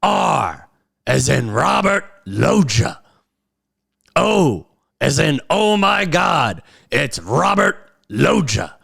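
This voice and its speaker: Man doing a gruff older mafia-actor voice, pitched up, loud, slow and emphatic. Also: sing-song, dry recording, studio quality, full character voice.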